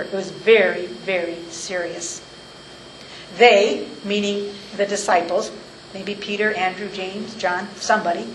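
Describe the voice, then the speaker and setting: A woman's voice: medium pitch, fairly bright tone, slight background noise. Woman teaching scripture in an echoey room. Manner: emphatic, slows down to stress key phrases. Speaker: Bible teacher. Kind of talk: verse-by-verse Bible teaching. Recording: echoey room, mic at a distance.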